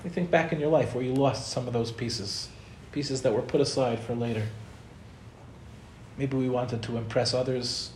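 A man's voice: mid-range voice, fairly even intonation, moderate pace, darkish tone, a little hiss or hum. A man giving a spiritual talk to an audience, conversational and storytelling, acting out the people he quotes. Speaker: Torah teacher. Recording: roomy echo, faint ambience.

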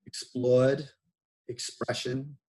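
Boston man as a relaxed podcast guest. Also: mid-range voice, very slow. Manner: relaxed, reflective, many fillers and restarts. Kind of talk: casual interview chat.

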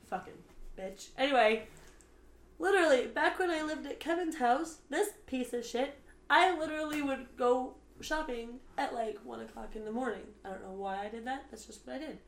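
A woman's voice: high voice, normal speed, echoey room. A woman on a casual podcast, brash and swearing constantly as she tells stories into a studio mic. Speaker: podcast host. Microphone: studio microphone.

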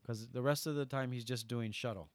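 A man, a guest on an interview podcast, telling lively stories and acting out the dialogue. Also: mid-range voice, brisk, no echo. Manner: lively storyteller, acts out dialogue. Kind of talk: casual interview storytelling.

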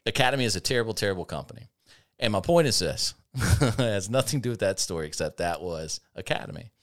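Deep-voiced sardonic man telling stories. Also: fast talker. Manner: sardonic, animated anecdotes, laughs often. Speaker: podcast host. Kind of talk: casual chat, storytelling.

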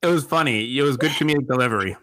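A man's voice: medium pitch, racing, fairly bright tone. A man co-hosting a podcast in casual chat, dry and laid-back. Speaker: podcast co-host.

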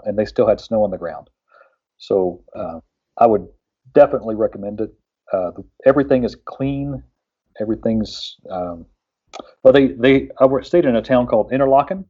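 A man's voice: on the low side, moderate pace, breathy edge, highs cut off. A man from West Virginia chatting casually on a radio show, rambling with lots of fillers and restarts.

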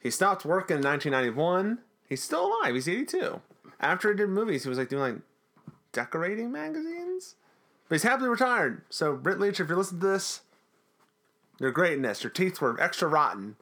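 Rambling jokey man with a lively pitch. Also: brisk. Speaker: podcast co-host. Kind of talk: casual chat recapping a TV episode.

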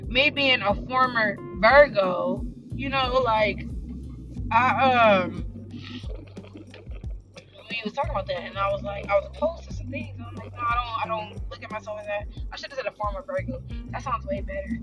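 A woman from South Central hosting a podcast, telling a work story in animated, slangy, unfiltered casual chat and acting out her coworkers' lines. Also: on the high side, moderate pace, highs cut off, music in the background. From South Central Los Angeles. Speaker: podcast host.

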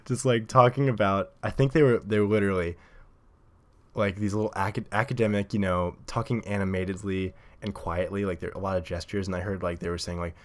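A man's voice: low-pitched, steady tone, a little fast. A man hosting his own podcast, rambling casually with lots of fillers and frequent laughs into a desk mic. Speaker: podcast host. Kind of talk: casual solo podcast monologue. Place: home recording setup at a table.

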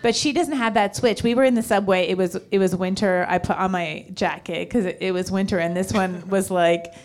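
A woman's voice: mid-range voice, fairly even intonation, fairly quick, darkish tone. Woman, live comedy double act, teasing, chatty, stage mic. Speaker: stand-up comedian.

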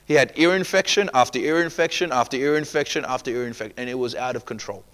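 A man's voice: mid-range voice, fast, fairly bright tone. A man preaching a sermon as pastor, emphatic, acting out quoted people in asides.

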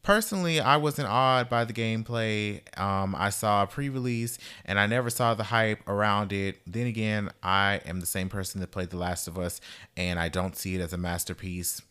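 Young male podcast host, bright and forceful, sassy and dramatic, ranting one minute and dry the next. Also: fairly low pitch, normal speed, smooth. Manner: sassy, dramatic, swings between shouting rants and dry asides. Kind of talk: casual podcast monologue.

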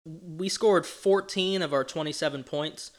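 A man's voice: fairly high pitch, a little slow. Playful man recapping the game. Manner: animated, playful, counts stats aloud. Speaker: sports podcast co-host. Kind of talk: casual sports chat.

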